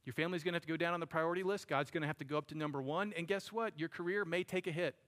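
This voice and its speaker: A man preaching a sermon, with a voice a little higher than most men's. He talks to his listeners in an easy, conversational way and calls them buddy and friends. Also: steady tone, very fast, fairly bright tone. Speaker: pastor.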